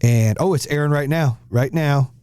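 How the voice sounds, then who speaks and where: Profane, animated middle-aged man. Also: on the high side, normal speed, clear, resonant tone, no room sound, studio quality. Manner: animated, profane storyteller acting out quotes. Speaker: podcast host. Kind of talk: casual storytelling chat.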